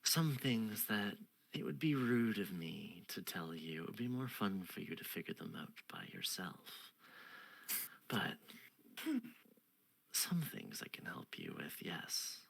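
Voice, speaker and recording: A man's voice: deep voice, very animated, vocal fry, heavily acted. A man whispering as a sly ancient fae queen. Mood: teasing. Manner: hushed, teasing, unhurried.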